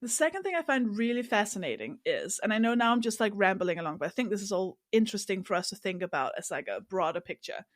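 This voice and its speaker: Podcast guest: woman from Denmark, lively storyteller acting out quotes, dry close sound. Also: medium pitch, fast talker, hardly any pauses, no echo. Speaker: comedian and author, guest. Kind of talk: casual podcast chat.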